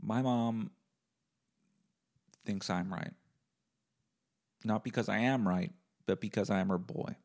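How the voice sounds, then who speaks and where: A male podcast host giving a rambling, profane solo monologue in a deadpan comic way. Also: lowish voice, takes it slowly, vocal fry, long pauses.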